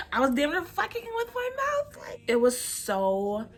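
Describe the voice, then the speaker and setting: A young woman vlogger chatting casually while doing her makeup, telling a story with lots of laughter and cursing. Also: very high-pitched. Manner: animated, laughing, profane, drawn-out storytelling. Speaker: beauty vlogger.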